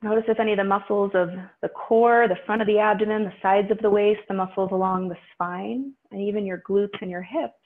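A woman teaching a guided yoga class, calmly cueing breaths and poses. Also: medium pitch, brisk, hardly any pauses. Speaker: yoga instructor. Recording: tinny phone-like audio.

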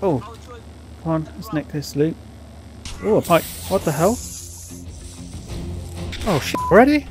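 Excitable man commentating gameplay. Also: a little high, moderate pace, long pauses, over music. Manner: excitable, rambling, frequent fillers and chanting. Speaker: gaming YouTuber.

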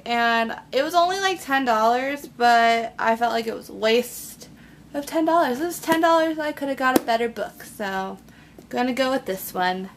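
A woman's voice: high voice, fairly bright tone, a little hiss or hum. A young woman chatting casually in a bookshelf tag vlog, bubbly and full of fillers. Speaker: book vlogger.

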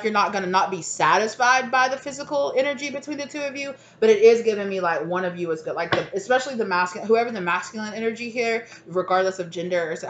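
A woman's voice: mid-range voice, fairly bright tone, muffled recording. A woman giving a casual tarot card reading at home, talking frankly and often laughing as she goes. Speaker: tarot reader.

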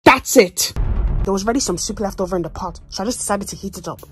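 A young woman narrating her own comedy skit with dramatic, exaggerated delivery and deadpan asides. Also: mid-range voice, quick pace. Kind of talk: comic narration. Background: background music.

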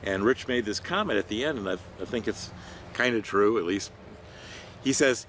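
Older man, low voice, rambling storytelling. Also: lively intonation, normal speed, fairly bright tone, a little hiss or hum. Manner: rambling, conversational storytelling with many fillers. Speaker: training consultant. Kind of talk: reflective talk to camera.

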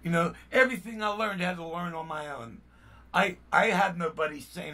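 A man's voice: sits high, brisk, sharp tone, far from the mic. An older man, a musician hosting his own channel, talking to viewers in a blunt, rambling way, full of "you know what I mean.". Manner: heated and indignant. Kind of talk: casual vlog talk to viewers.

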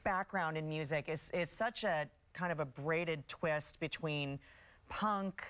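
A woman co-hosting a TV interview in a studio, enthusiastic and quick to react. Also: sits low, a bit bright. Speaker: TV show co-host. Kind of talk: morning show interview.

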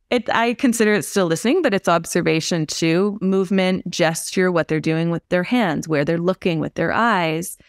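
A woman, a somatic therapist, explaining in a calm, unhurried and reflective way on a podcast. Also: on the low side, no room sound, clean studio sound.

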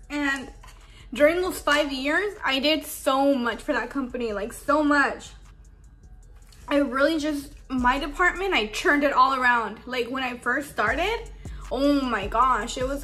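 A young woman with a slightly high voice talks casually about her old job, saying "like" over and over. She is emotional and on the verge of tears as she vents. Faint music plays softly underneath. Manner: emotional, holding back tears; casual, says "like" a lot. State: tearful. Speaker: beauty vlogger. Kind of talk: get-ready-with-me storytime.

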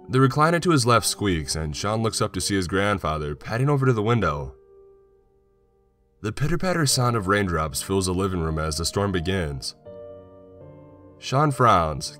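A man narrating a horror story in a slow, measured way. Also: lowish voice. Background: soft music.

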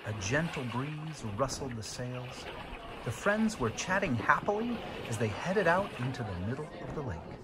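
A man narrating a children's Bible storybook in an expressive, dramatic way. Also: medium pitch, moderate pace, background noise.

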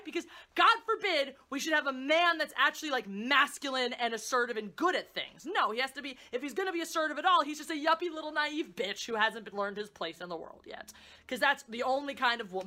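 Female reviewer, high and lively, sarcastic and profane rant. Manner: sarcastic, profane, animated ranting. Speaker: movie reviewer. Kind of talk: ranting casual review.

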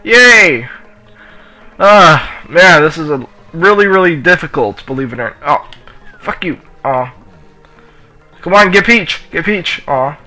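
A man giving casual let's play commentary while racing, excitable and yelling at the racers in the game, with a sore throat. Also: fairly high pitch, slow pace, pauses often, faint music behind, low-quality recording. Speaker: gamer playing on his channel.

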